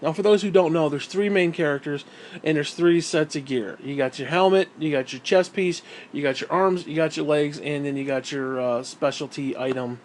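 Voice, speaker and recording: High-voiced dude ranting about a game at home, super heated, swearing nonstop. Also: male voice, moderate pace, slight background noise. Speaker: gaming YouTuber. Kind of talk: angry gaming rant.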